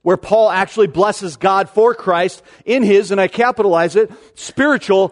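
A man's voice: high voice, normal speed, big-room sound. A man in his forties preaching a sermon to his congregation in a conversational way, often restarting his sentences and asking rhetorical questions. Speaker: pastor.

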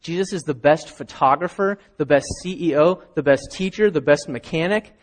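A man preaching a sermon from a church stage, telling the story with lively, acted-out scenes. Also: a little high, moderate pace. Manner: animated storytelling, acting out characters with raised voice. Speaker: pastor.

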